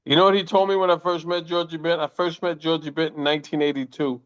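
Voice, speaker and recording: A man in his sixties, a former boxer, telling profane, animated stories in a casual interview and quoting people as he goes. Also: on the high side, fast. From United States. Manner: profane, animated anecdotes with quoted voices. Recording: muffled lo-fi audio.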